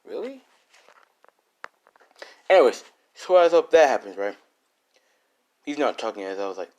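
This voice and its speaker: A man's voice: medium pitch, sing-song, measured pace, pauses often, darkish tone. A man casually improvising a fan story, rambling and crude, with many fillers and restarts.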